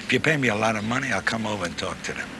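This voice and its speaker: Wry older writer with a New York accent. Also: male voice, on the low side. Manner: chatty, wry, halting with fillers. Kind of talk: archive interview. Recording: noisy archive recording.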